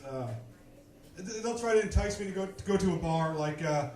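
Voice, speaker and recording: Thirties male stand-up, high-pitched, wry exasperated delivery, echoey room. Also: lively intonation, normal speed, darkish tone. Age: 30s. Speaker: stand-up comedian. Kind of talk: stand-up comedy set. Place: comedy club stage, live audience.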